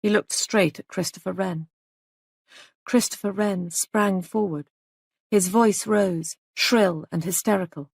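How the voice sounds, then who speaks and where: Gravelly woman reading a mystery. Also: mid-range voice, a little slow, no room sound, clean studio sound. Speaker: narrator. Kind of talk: audiobook narration.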